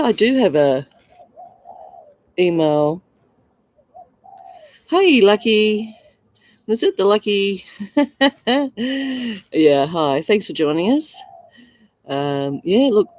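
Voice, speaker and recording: Low-voiced Australian woman selling coins live. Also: animated, slow pace, pauses often, mellow, dry recording, poor audio. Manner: chatty, gushing, many fillers and restarts. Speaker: coin seller on a livestream. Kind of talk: casual live selling chat.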